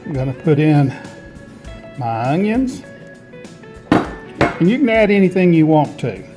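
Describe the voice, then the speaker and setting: A man's voice: fairly high pitch, very animated, unhurried, over music. A man hosting a home gardening channel, chatting in a folksy, homespun way while he shows food he made in his home kitchen. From Tennessee, USA. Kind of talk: casual food demonstration.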